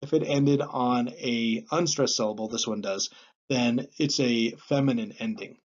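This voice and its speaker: A man at a middling pitch lectures a class. He talks in a plain, explanatory way and leans often on um and uh. The recording is a little dull and lo-fi. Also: measured pace. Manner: plain explanatory, with frequent um and uh fillers. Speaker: teacher.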